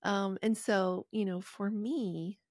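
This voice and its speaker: A woman's voice: medium pitch, steady tone, slow pace, darkish tone, no room sound, clean studio sound. A middle-aged woman from rural West Virginia, a guest author on a podcast interview, telling her story in an earnest, heartfelt way with emotional sighs.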